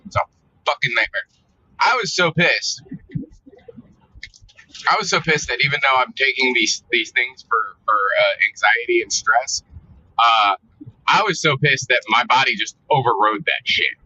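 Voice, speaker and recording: A man talks casually to his viewers, cursing freely and venting with exasperation. His voice is very bright and sharp-edged, heard through dull, lo-fi audio. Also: mid-range voice, lively intonation, a little slow, long pauses. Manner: profane, exasperated storytelling. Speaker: vlogger. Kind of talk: casual ranting monologue.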